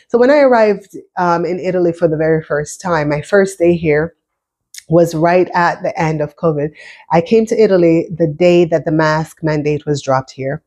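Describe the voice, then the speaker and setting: A vlogger in her fifties with a Jamaican-American accent chats casually with viewers about her personal story, often restarting and repeating words. Her voice sits low with a darkish tone.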